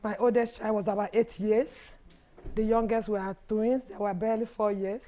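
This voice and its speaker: A woman in her fifties with a Nigerian English accent and a hoarse voice, telling her personal story haltingly as a guest on a TV panel. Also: mid-range voice, steady tone, warm tone. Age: 50s. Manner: halting, restarts and repeats as she recalls. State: hoarse, has lost her voice. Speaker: guest, widows' foundation founder.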